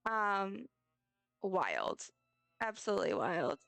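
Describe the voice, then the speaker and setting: A woman's voice: medium pitch, sing-song, takes it slowly, vocal fry, fairly bright tone, smooth, dry recording. A young woman streaming a game, chatting casually and rambling effusively, often stumbling over her words. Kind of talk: casual live-stream chat. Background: faint game music.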